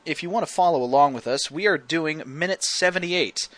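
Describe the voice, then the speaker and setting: Bright-voiced man hosting a podcast. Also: on the high side, no room sound. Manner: wry, detailed, quick to quote scenes. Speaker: podcast host. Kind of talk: casual film breakdown chat.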